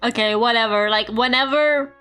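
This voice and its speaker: A woman's voice: on the high side, moderate pace, smooth, faint music behind. A young woman streamer chatting casually while she draws, telling stories animatedly with lots of laughter and "like". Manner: animated storytelling with frequent laughter and filler "like". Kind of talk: casual live-stream chat while drawing.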